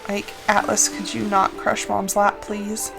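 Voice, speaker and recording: A woman's voice: mid-range voice, measured pace, gravelly, over music, rough recording. A woman streamer chatting casually and rambling while she plays a game. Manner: rambling, chatty, animated asides. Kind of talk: casual chat while gaming.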